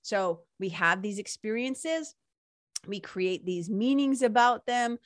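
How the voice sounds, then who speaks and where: A woman hosting a casual spiritual talk, chatty and animated, peppering her speech with "like" and "right?". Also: medium pitch, takes it slowly, dry recording, clean studio sound.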